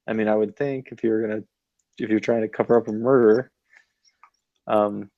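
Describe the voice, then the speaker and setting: A man co-hosting a podcast, chatting casually in an animated, rambling way with lots of fillers, a little tipsy. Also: on the low side, moderate pace, no echo, dull audio. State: slightly tipsy. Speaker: podcast co-host. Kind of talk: casual chat.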